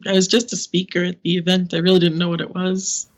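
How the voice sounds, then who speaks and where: Brooklyn woman in her 50s, podcast guest, candid and animated, laughs a lot. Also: lowish voice, fast. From Brooklyn, New York, US. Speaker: podcast guest, social media consultant. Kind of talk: candid interview conversation.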